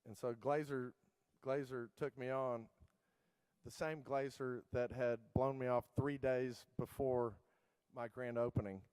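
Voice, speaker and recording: A middle-aged man gives a keynote in a loose, storytelling way, piling up fillers and restarts. His voice is smooth and clear at an ordinary pitch. The sound is dry and close, with almost no room around it. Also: steady tone, measured pace, darkish tone, no room sound, low-quality recording. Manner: casual, rambling anecdotes with many fillers and restarts. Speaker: keynote speaker.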